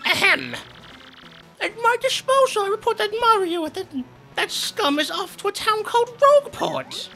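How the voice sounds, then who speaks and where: A man's voice: very high-pitched, big pitch swings, normal speed, creaky, bright, forceful tone, voice pushed up, full character voice, rough recording. A man voicing a fawning old female witch servant from a video game, prim and overly polite, over faint game music.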